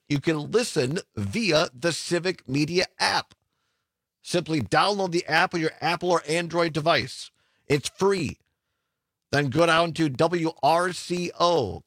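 Male radio host, chatty and upbeat, a touch high, close dry mic. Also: fairly bright tone, no echo. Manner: upbeat, laughs easily, reads phone numbers slowly. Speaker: radio talk show host. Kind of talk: casual radio talk.

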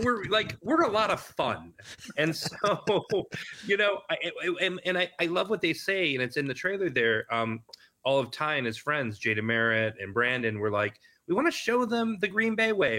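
A man from Wisconsin speaks over a video call, his voice bright and slightly high. He rambles in loose chat, repeating words and restarting his sentences. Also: animated, normal speed. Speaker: filmmaker guest. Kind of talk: casual interview chat.

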